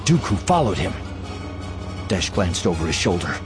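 A man narrating a dramatic story in an expressive audiobook reading, shifting voices for the characters. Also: deep voice, normal speed, over music.

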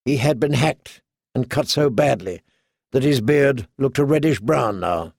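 A man narrating an audiobook in an even, measured storytelling manner. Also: mid-range voice, gravelly, no echo, clean studio sound.

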